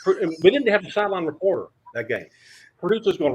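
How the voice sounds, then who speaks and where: An older man telling lively sports anecdotes as a podcast guest, acting out quotes and stammering through restarts. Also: high-pitched, fast talker, husky. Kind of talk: storytelling in a podcast interview.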